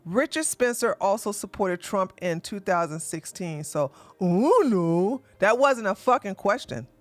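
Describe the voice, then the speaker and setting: Expressive and fairly bright, this man's high voice moves at a moderate pace with no echo as he hosts a livestream. He rants aggressively, swears a lot, mocks those he disagrees with, repeats himself for emphasis, and laughs with scorn.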